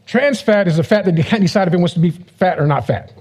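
A man's voice: high-pitched, animated, fast talker, darkish tone. A man who is a pastor, giving a casual, joking sermon and acting out the voices of people he quotes.

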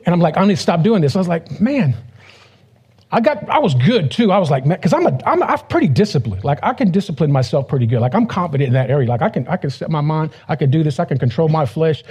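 A man's voice: fairly high pitch, sing-song, fast, a little mellow, husky. A man who is a pastor, giving a casual, joking sermon and acting out the voices of people he quotes.

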